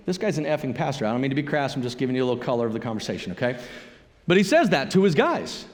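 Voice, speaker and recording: A man preaching a sermon as a pastor, telling a story in a conversational, animated way. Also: a little high, racing, in a large hall. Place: church sanctuary.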